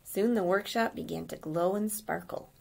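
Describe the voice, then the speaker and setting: A woman reading a children's story aloud gently, pausing to ask the listener questions. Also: on the low side, gravelly, slight background noise.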